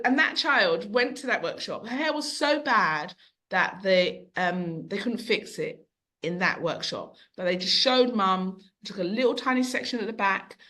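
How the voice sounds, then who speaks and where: A middle-aged woman who owns a bookshop, speaking as a podcast guest and telling long, animated stories. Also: mid-range voice. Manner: animated, long-winded storyteller who acts out quotes. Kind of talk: conversational storytelling.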